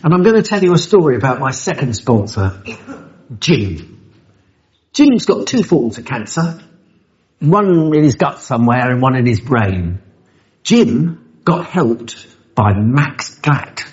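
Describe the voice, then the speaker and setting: In an unhurried, darkish voice of medium pitch with big swings, a London man shares his story at a recovery meeting in a convention hall. He is blunt and joking, curses, and impersonates the people in his tale. The live recording is a touch dull and lo-fi.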